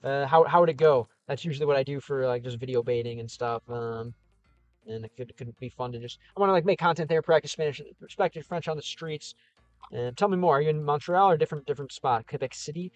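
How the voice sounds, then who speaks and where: A man's voice: mid-range voice, quick pace, no echo, muffled recording, soft background music. A man with a Chicago Midwest accent hosting a casual livestream, reading comments in a rambling, upbeat and encouraging way with lots of fillers. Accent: Chicago, American Midwest. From American Midwest.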